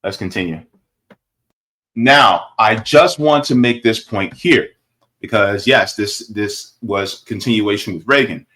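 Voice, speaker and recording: A man's voice: on the low side, slow pace, fairly bright tone. A man commenting on a video clip in casual political talk, emphatic and repetitive, tossing in "right?" and "baby".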